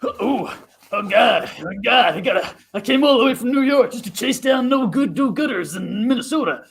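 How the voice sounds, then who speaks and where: A fed-up city cop grumbles through a chase in a high, husky voice, put on by a man in improv. He sounds put-upon and tired. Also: animated, normal speed, full character voice. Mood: exasperated. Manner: exasperated grumbling. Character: weary New York cop in a chase.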